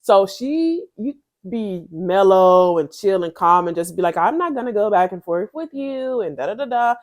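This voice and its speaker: A woman's voice: medium pitch, lively intonation, normal speed, darkish tone. A young woman giving a blunt, profane, slangy review of a reality show in a casual vlog.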